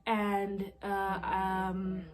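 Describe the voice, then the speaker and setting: In a monotone mid-range voice that stretches out her words, this woman reviews a TV episode informally. Her talk is chatty, packed with fillers and digressions.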